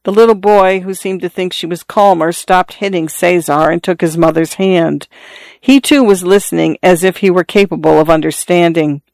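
A measured audiobook narrator reads a classic tale with steady, even storytelling. The voice is smooth and resonant. It sits close and dry on a studio mic with no room around it. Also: mid-range voice, dry recording.

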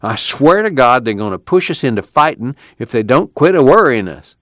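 A man's voice: mid-range voice, sing-song, normal speed, a bit bright, no echo, clean studio sound, pitched above the performer's own voice. Man voicing a stern, worried camp leader. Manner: earnest, anxious drawl.

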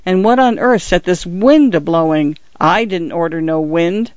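A flustered, plain-spoken middle-aged clerk, as a male audiobook reader puts him on, his voice pitched high and clean. He talks in homely, ungrammatical phrases, thoroughly out of his depth. The recording is dry and a touch dull. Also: unhurried, no room sound. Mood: bewildered. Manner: bewildered, plain-spoken, colloquial grammar. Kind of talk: audiobook character voice.

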